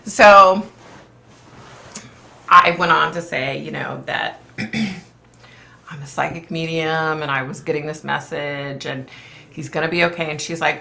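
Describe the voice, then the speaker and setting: Psychic-medium host, woman, low gravelly voice with a bright edge, chatty live-stream rambler. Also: slow, pauses often. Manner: rambling, chatty, full of "like" and "you know". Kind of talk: casual live-stream chat.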